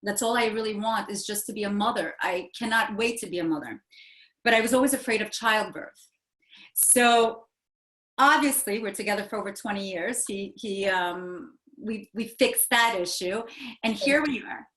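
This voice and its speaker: A woman's voice: medium pitch, moderate pace, a bit bright. A woman in her forties, a guest in an interview, telling a personal story in an earnest, rambling way, with many fillers and restarts. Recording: echoey room.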